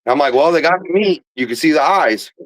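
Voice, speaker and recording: A man's voice: fairly high pitch, lively intonation, fast talker, dry recording, rough recording. A man hosting a podcast, telling a rambling, profane hunting story with laughs, in a casual chat. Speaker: podcast host.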